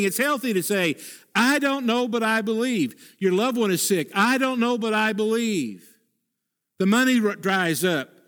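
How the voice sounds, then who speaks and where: A male pastor preaching a sermon in an earnest, emphatic way, repeating key phrases, rising sharply when voicing a prayer and dropping low for quiet points.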